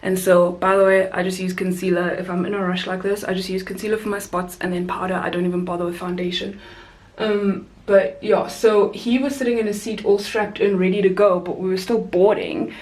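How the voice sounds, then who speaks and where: A young woman from South Africa, a flight attendant vlogger, chatting casually and animatedly while doing her makeup. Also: a little fast. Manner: chatty, animated storyteller, rising high for quoted voices. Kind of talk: casual makeup chat and storytime.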